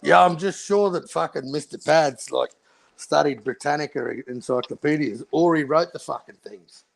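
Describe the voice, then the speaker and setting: A man's voice: fairly high pitch, moderate pace, vocal fry. A man on a livestream panel, talking bluntly and swearing a lot in casual chat.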